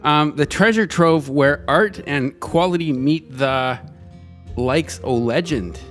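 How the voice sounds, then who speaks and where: A man's voice: a little high, slow pace, a bit bright, faint music behind. A man doing a hammy pirate voice while reading an ad aloud, tripping over words. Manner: stumbling over words, breaking into laughter. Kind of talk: comic ad read in a pirate voice.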